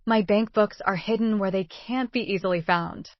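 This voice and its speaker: A woman's voice: medium pitch, normal speed, no room sound, lo-fi sound. Woman narrating a first-person story.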